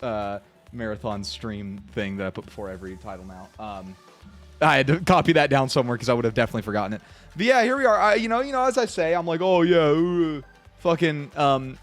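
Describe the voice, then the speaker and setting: Guy streamer at home, swears a lot, rambles and repeats stuff, mid pitch, faint music behind. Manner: rambling, profane, repeats himself when worked up. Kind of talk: casual live-stream reaction.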